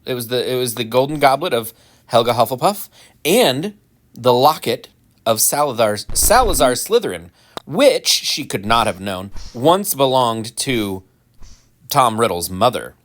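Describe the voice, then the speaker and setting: A man giving casual, rambling commentary while playing a game, full of ums and restarts, with animated mock-indignant asides. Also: medium pitch, measured pace. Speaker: gaming channel host.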